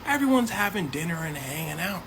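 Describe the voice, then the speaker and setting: A man telling a comedic story fast, with slang and quick switches into voices for each person in it. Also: high-pitched, big pitch swings, noisy background.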